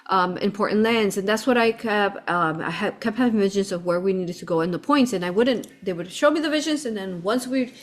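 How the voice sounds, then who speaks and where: A woman's mid-range voice moves fairly quickly, with hardly any pauses, as she recounts a trip. She's a spiritual vlogger chatting directly to camera, fervent and meandering, frequently calling her audience "you all."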